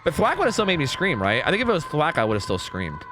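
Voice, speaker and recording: A young man streaming a game, talking casually and swearing as he thinks out loud. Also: a little high, quick pace, music in the background. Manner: animated, profane, thinks out loud. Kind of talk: casual live-stream gameplay commentary.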